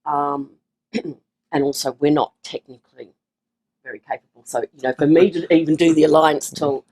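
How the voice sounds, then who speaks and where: A woman's voice: low-pitched, fairly even intonation, moderate pace, mellow, slightly rough, low-quality recording. A woman from Australia chatting in an interview about her business, talking with many fillers and restarts. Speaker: online seller sharing her story. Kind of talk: casual interview.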